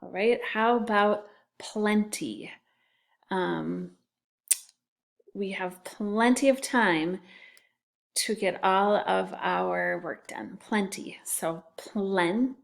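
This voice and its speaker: A woman's voice: medium pitch, extremely slow, gravelly. A woman teaching a phonics lesson to young children, patiently sounding out and spelling words. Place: classroom.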